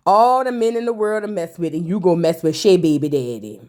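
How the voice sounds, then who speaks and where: A woman's voice: lowish voice, expressive, brisk, a little mellow. A woman recapping a reality show in casual, slangy talk, teasing her viewers with sassy asides.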